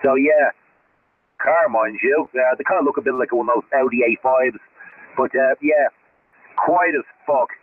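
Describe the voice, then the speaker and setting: A man's voice: mid-range voice, normal speed, pauses often, breathy edge, no room sound, narrow, tinny audio. An Australian man chatting casually over CB radio, rambling and swearing constantly. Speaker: CB radio operator. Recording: CB radio transmission with static.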